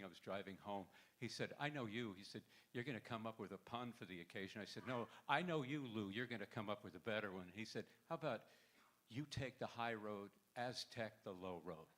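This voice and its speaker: A man telling a wry, halting anecdote at a memorial gathering. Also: on the low side, a bit bright. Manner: wry, anecdotal, with stammering restarts. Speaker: memorial speaker telling a story. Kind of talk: storytelling at a memorial. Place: event hall with audience.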